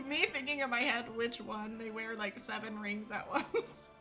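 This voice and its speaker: Chatty woman streamer, higher voice, slow easy storytelling, laughs a lot. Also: sharp tone, faint music behind, low-quality recording. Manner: chatty, laughs often, many fillers. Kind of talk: casual storytelling to a live chat. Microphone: desk mic with ring light setup.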